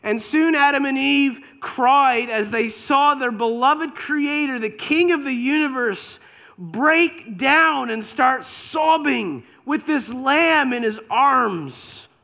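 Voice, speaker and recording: A man's voice: very high-pitched, slow, gravelly, sharp tone. A man preacher telling a scripture story in a sermon with dramatic, imaginative retelling.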